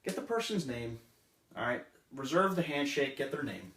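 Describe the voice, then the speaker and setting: A man's voice: medium pitch, very animated, moderate pace, fairly bright tone. A man training a live audience on sales, with a punchy way of talking and short acted customer exchanges. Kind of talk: live seminar talk. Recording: roomy, distant room recording.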